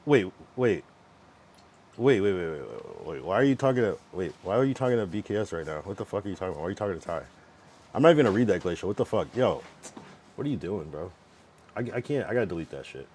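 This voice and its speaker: A man's voice: low-pitched, sing-song, fast talker, darkish tone, a little hiss or hum. Irritated young man ranting on stream. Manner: irritated, ranting at chat, heavy swearing. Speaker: livestreamer. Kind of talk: casual livestream chat.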